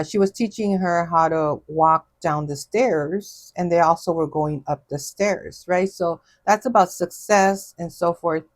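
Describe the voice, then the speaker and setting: A woman hosting an astrology podcast, talking in a rambling, casual way, full of fillers and little laughs. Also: on the low side. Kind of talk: casual chat.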